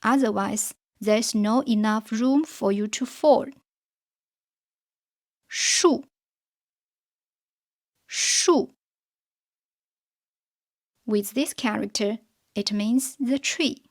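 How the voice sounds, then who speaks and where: A woman teaching a scripted beginner pinyin lesson, speaking in a slow, careful way for learners to follow and repeat. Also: on the high side, darkish tone. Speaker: Chinese teacher.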